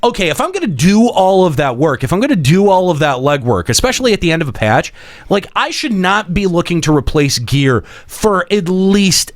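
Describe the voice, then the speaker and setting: Animated high-voiced male podcast host. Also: moderate pace, no room sound. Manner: animated, emphatic, swears freely, many restarts. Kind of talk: casual gaming podcast chat.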